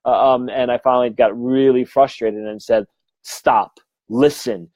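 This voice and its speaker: A man's voice: medium pitch, steady tone, normal speed, darkish tone, dry recording, low-quality recording. A man, middle-aged, a medium giving a frank, rambling live-stream talk full of fillers and swearing. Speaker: medium and mentor.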